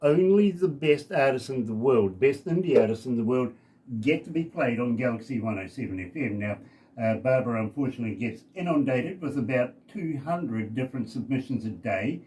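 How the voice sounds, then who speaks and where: A man's voice: mid-range voice, lively intonation, brisk, mellow, a little hiss or hum. A man from New Zealand hosting a radio interview, chatty and jokey, poking fun at himself. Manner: jokey, chatty, self-deprecating. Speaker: radio host.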